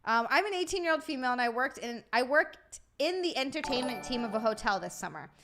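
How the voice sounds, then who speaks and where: A high, bouncy woman's voice that swings all over as she hosts a casual livestream chat. She is excitable and loose, swearing freely and laughing between the super chats she reads aloud. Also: fast talker, faint music behind. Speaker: streamer and podcast host.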